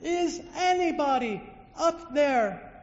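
A preacher acting out a terrified man hanging over a valley, shrieking upward in high, strained cries for help. The shouts ring out in a big echoey hall, heard from a little way off on a dull, lo-fi recording. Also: lively intonation, takes it slowly, exaggerated voice. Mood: desperate. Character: desperate man hanging from a cliff.

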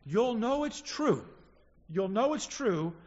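A man's voice: high voice, sing-song, slow. A man preaching a sermon to his congregation in an earnest, teaching way, often repeating his key phrases for emphasis. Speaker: pastor. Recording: dull recording in a reverberant hall.

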